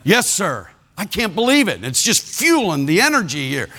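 A male pastor preaching a sermon, telling a story with animated, fervent delivery. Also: sits high, fairly quick.

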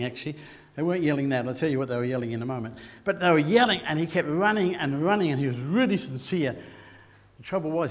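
Australian man preaching in a reverberant hall. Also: a little high. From Queensland, Australia. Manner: storytelling, rising to loud bursts. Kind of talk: sermon.

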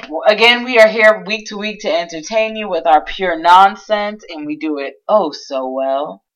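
A woman's voice: on the low side, normal speed, a bit bright, highs cut off. A young woman hosting a podcast in casual chat, giggly and chatty with lots of fillers. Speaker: podcast host.

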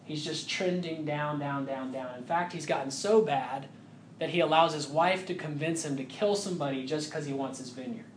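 A man delivers a sermon in a chatty, conversational way, checking in with his listeners as he goes and sinking to a hushed, close voice for the tender moments. His voice sits a little high for a man. The sound is roomy and echoey, with a faint ambient hum underneath. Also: moderate pace. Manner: conversational, often asks "right?"; drops to a quiet, close voice for intimate points. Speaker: preacher.

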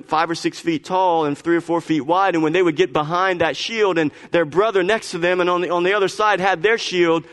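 Male pastor, sermon delivery, emphatic and repetitive, slightly high voice, reverberant church hall. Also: fairly bright tone. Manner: emphatic, repeats phrases, stammers on restarts. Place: church sanctuary.

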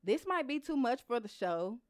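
A woman's voice: fairly high pitch, sing-song, moderate pace, no echo, studio quality. A woman co-hosting a casual podcast, reading a listener's email aloud in a blunt, profane way and laughing often. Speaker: podcast co-host.

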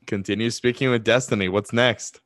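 A man's voice: on the low side, fairly even intonation, moderate pace, a bit bright, no room sound, clean studio sound, soft background music. A man acting as dungeon master in a tabletop game, thinking aloud with a lot of hesitation.

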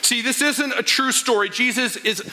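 A man's voice: very high voice, normal speed, bright, forceful tone. A man preaching a sermon as a pastor, retelling a parable and acting out the characters' lines. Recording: long hall reverb.

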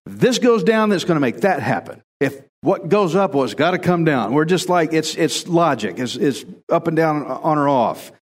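A man preaching in a relaxed, chatty way, his voice sitting a little higher than most men's. He is animated and doubles back on words to drive home a point. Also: normal speed, hardly any pauses, in a large hall. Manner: animated, repeats words for emphasis. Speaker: pastor. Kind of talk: conversational sermon.

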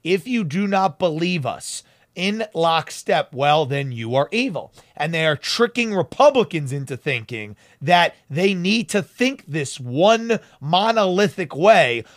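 Fiery, high-voiced male talk show host. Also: very animated, measured pace, no echo, studio quality. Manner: fiery, emphatic, sarcastic. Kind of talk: heated political commentary.

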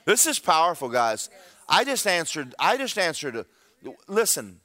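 A man preaching a sermon, telling a story with acted-out dialogue and building to loud exhortation. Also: fairly high pitch, big pitch swings, moderate pace, no room sound.

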